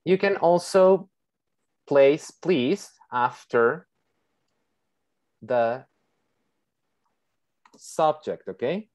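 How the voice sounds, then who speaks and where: A woman's voice: deep voice, lively intonation, darkish tone. A woman teaching an online English class on a video call, patient and checking in with her students often. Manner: slow, patient, checks in with okay.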